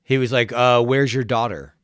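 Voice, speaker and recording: A man's voice: medium pitch, steady tone, a bit bright, smooth, dry recording, clean studio sound. Wisecracking man on a podcast. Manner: wisecracking, quick asides. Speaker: podcast co-host. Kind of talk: casual comedic banter.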